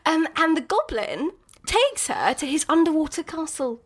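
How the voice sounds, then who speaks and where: A woman co-hosts a podcast in loose, casual chat. She tells a story with slang and frequent laughter. Her voice sits a little high. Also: big pitch swings, moderate pace. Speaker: podcast co-host.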